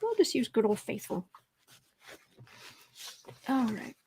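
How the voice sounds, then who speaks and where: A woman with a Southern accent talks her way through a casual livestream, reading out viewer comments and tossing off sarcastic asides. Her voice sits a little high, and she slips into soft murmurs while she shuffles her cards. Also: sing-song, takes it slowly, slight background noise. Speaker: tarot reader and livestream host.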